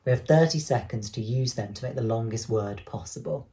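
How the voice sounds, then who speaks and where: A young male teacher giving an online lesson to children, explaining step by step in a clear, encouraging way. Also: medium pitch, a little fast, warm tone, no room sound. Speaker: primary school teacher.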